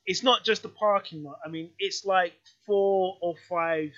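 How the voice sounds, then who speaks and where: A man interviewing a guest, asking quick, chatty questions and dropping short acknowledgements. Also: sits high, fairly even intonation, fairly bright tone, lo-fi sound.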